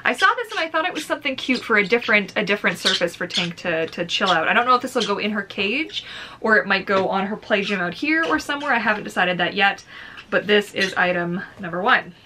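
A woman's voice: medium pitch, expressive, fast, background noise. A woman hosting a casual pet-bird unboxing vlog, chatty and giggly, with many fillers. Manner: chatty, giggly, talks baby talk to her bird. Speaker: vlogger.

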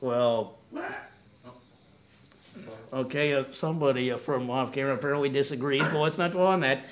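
A man's voice: mid-range voice, steady tone, normal speed, slight background noise. A man co-hosting a casual top ten list show, rambling with wry asides and self-corrections. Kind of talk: casual joking commentary.

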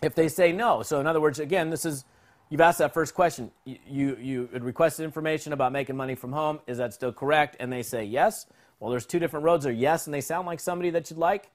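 Energetic man coaching a sales script. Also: fairly high pitch, fast. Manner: energetic, conversational, acts out both sides of calls. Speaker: sales trainer. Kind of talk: teaching a sales phone script.

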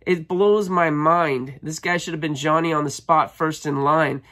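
A man's voice: on the high side, steady tone, unhurried, a bit bright. A man vlogging casually, telling a long story with many ums and restarts, then touring a storage unit he bought. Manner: chatty, rambling, frequent ums and restarts. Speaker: storage locker buyer and vlogger.

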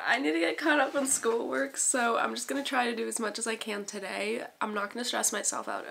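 A woman's voice: a little high, lively intonation, fairly quick, creaky, hardly any pauses, a bit bright, slightly rough. A young woman chatting casually on a book vlog, gushing and giggly as she talks. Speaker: book vlogger.

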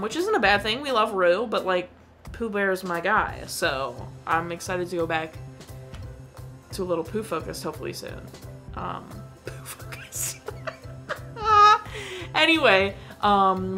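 A young woman movie-review vlogger, her voice on the low side and a bit bright, chats casually about a film she just watched. Her talk is full of fillers and giggles.

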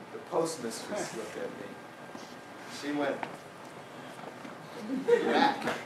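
A man's voice: mid-range voice, lively intonation, very slow, pauses often. A man giving a public talk to an audience, telling humorous personal anecdotes with wry asides. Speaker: guest speaker. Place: university lecture hall with audience. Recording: roomy hall, distant mic, noisy.

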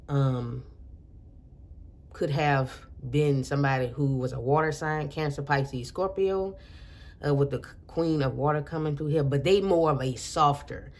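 Woman tarot reader; chatty, earnest, loose delivery full of restarts. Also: low-pitched. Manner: rambling and chatty, with frequent restarts. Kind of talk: casual intuitive tarot reading.

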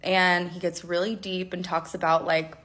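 A woman's voice: fairly low pitch, little pitch movement, moderate pace, fairly bright tone. A woman recounting a personal story in a conversational way, often checking in with "okay?".

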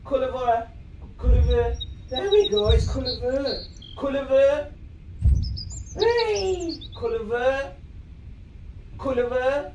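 A high-pitched, excitable gamer narrates a VR playthrough, calling out spell words at full volume and speaking in an unhurried, drawn-out way. The voice sits back from the microphone in an echoey room, with a faint hiss of background noise underneath. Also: far from the mic. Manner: excitable, yelling spells at the game. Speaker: gamer playing a VR game. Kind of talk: let's play commentary.

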